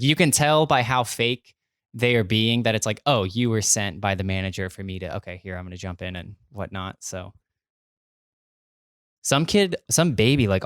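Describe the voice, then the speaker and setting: Low-voiced young man, laid-back podcast co-host. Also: a bit bright, clean tone, dry recording, clean studio sound. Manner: laid-back, crude joking banter. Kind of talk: casual chat.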